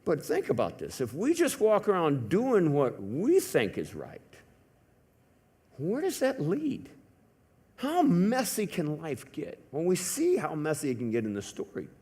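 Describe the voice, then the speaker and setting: A man preaching a sermon in a church, telling a story in a conversational way, swinging from hushed to loud. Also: on the high side, huge pitch swings, measured pace, breathy edge. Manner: conversational with many fillers. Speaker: pastor.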